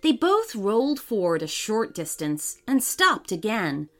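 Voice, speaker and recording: A woman narrating a children's story in a gentle, expressive reading manner. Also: mid-range voice, unhurried. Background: faint music.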